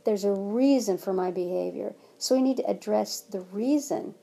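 A woman's voice: medium pitch, normal speed, gravelly, warm tone. A woman giving child care advice in an interview, earnest and emphatic, acting out little examples as she goes. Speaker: guest, child care trainer.

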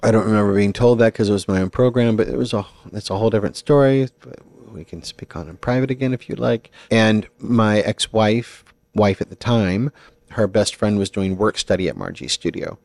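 A man who teaches acting, telling stories in a relaxed, thoughtful podcast chat. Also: fairly low pitch, fairly quick, gravelly, no room sound. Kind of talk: casual podcast conversation.

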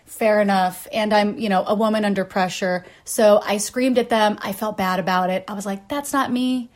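A woman in her late thirties hosts a casual podcast chat, telling a story candidly and laughing often. Her mid-range voice keeps a steady tone at a normal speed.

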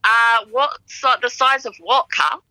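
A woman guest on a podcast in casual chat, low-key and dry. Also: measured pace, sharp tone, dry recording, poor audio.

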